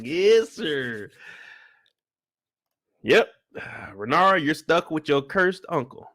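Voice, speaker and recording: A young man, hosting a casual live show recap and acting out the characters as he talks. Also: a little high. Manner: animated storytelling, acts out characters in quick voice switches.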